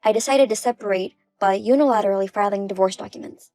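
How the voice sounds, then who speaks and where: A woman in her thirties telling her own story as a first-person text-story narrator, in a plain, even manner. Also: medium pitch, fast talker, dry recording. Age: 30s.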